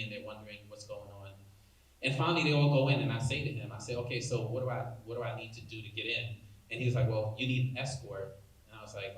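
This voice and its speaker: Voicing the people in a personal story, this prison reform speaker in his forties delivers a keynote as an animated storyteller full of "like"s. His voice is on the low side, captured from a distance in a roomy hall with faint hiss.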